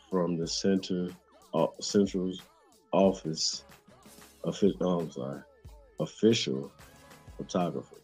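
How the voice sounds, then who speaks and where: A man's voice: deep voice, creaky, a little mellow, husky. A man hosting a live stream, reading a text aloud and often breaking into mocking laughter and swearing.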